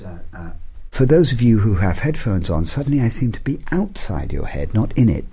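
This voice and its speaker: A British man with a slightly low, husky voice that rises and falls a great deal. He is an interview guest who explains audio drama in a playful, theatrical way, with plenty of animated emphasis. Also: dry recording. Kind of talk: interview guest, demonstrating sound.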